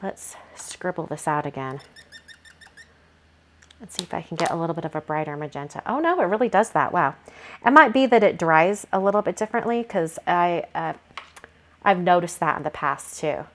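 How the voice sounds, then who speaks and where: A woman's voice: lowish voice, lively intonation, normal speed, a bit bright. A woman hosting a card-making video, talking casually through her painting steps and thinking aloud with frequent fillers. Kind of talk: casual craft tutorial narration.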